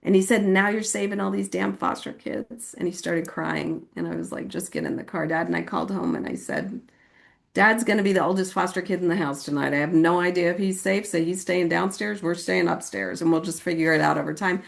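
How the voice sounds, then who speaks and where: Gravelly low-voiced woman from california telling her recovery story, chatty, lots of "like", jumps high when quoting people. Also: lively intonation, a little fast. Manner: casual and chatty, with frequent "like" and "you know what I mean"; acts out quoted voices with sudden high pitch. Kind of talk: personal testimony at a recovery meeting.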